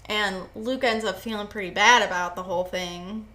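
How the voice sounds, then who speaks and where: A woman's voice: mid-range voice, steady tone, normal speed, bright, forceful tone. A woman co-hosting a podcast, casually retelling a book's plot with emphatic phrasing and frequent swearing. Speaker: podcast co-host.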